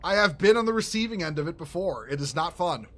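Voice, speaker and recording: A man giving casual, rambling commentary while playing a game, excitable and swearing, often restarting his sentences. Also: a little high, fast talker. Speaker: gaming streamer.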